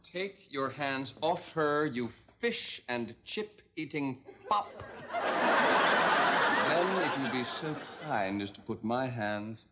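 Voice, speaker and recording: A man's voice: medium pitch, animated, slow. An actor playing a wild, impulsive, wisecracking man in a 1990s sitcom. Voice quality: manic, jokey. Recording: loud hiss, studio audience laughter.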